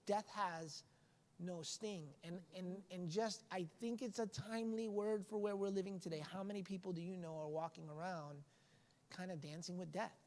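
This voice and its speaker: A man's voice: high voice, normal speed. Earnest preachy man in a reverberant room. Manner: earnest, preachy, with frequent restarts. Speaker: pastor. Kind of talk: casual podcast discussion.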